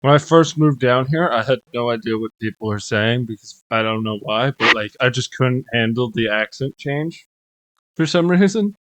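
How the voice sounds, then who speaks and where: A young man telling a story in easygoing podcast chat, drifting soft and trailing off at times. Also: medium pitch, animated, moderate pace. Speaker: podcast co-host.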